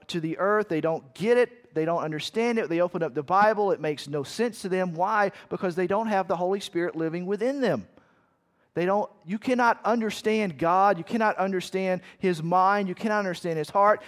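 Man, pastor, sermon, emphatic, fairly high-pitched, acts out shouted asides.

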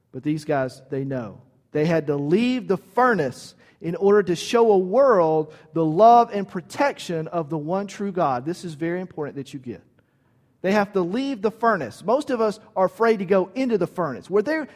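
A man preaches with a fairly high voice, talking to his listeners in an emphatic, conversational way. His words trail off into a long reverb, as in a large hall. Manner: emphatic, conversational, asks "right?". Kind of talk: sermon.

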